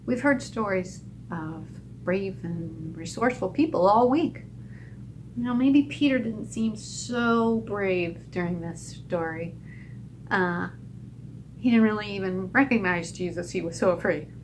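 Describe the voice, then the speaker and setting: A woman teaching a children's Bible lesson at a church, telling the story in an animated voice and acting out the characters' lines. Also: measured pace, a little hiss or hum. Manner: animated, acts out characters' lines with big pitch jumps.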